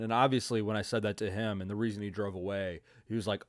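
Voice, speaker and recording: A man's voice: on the low side, fast talker, hardly any pauses, no echo, studio quality. A man hosting his own football recap podcast, talking in a casual, profane, rambling way with jokes and laughs. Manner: profane, rambling, joking, with frequent laughs and fillers. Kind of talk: casual solo recap commentary.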